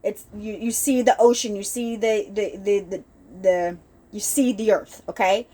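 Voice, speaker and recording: A woman's voice: mid-range voice, steady tone, a little slow, mellow. A woman hosting an unscripted ministry video, giving an earnest, rambling spiritual testimony with many restarts and asides, emotional at times.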